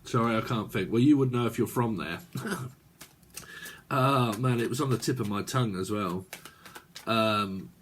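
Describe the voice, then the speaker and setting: A man's voice: on the low side, moderate pace, pauses often, slight background noise. A man giving a casual tarot reading, rambling from one idea to the next with many fillers. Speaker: tarot reader.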